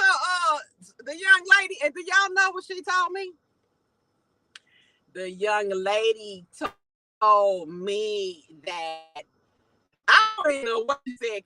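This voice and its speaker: A woman from Chicago with a Chicago accent, the host of a commentary channel, talking to her viewers with emphatic, heated delivery that climbs to shouting when she is indignant. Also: on the high side, expressive, a little slow, no room sound, rough recording.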